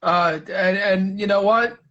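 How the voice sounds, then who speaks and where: A man in casual political chat, halting and restarting his sentences often. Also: high-pitched, steady tone, bright, forceful tone, lo-fi sound.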